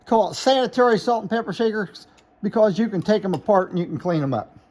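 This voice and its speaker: A man with a high voice runs through glassware for sale, one piece at a time. He names each item, points out chips and repairs, and gives the price in a plain, matter-of-fact way. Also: lively intonation, fast talker, darkish tone. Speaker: glass seller. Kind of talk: product showcase sales talk.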